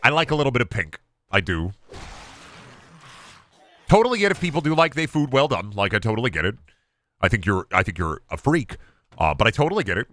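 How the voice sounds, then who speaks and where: A man's voice: fairly low pitch, a bit bright. A young man streaming a game, rambling in jokey, profane rants to chat. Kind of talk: casual livestream chat.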